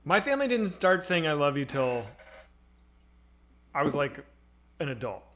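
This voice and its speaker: A man with a fairly high, bright, very animated voice talks at a moderate pace from a home streaming setup. He co-hosts a livestreamed talk show, chatting casually and rambling with lots of fillers and restarts.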